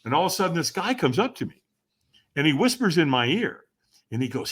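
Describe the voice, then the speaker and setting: A man guesting on a podcast, telling a story with animated energy and acting out the dialogue. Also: a little high, fairly quick, pauses often, breathy edge. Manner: acts out quoted dialogue, emphatic and lively.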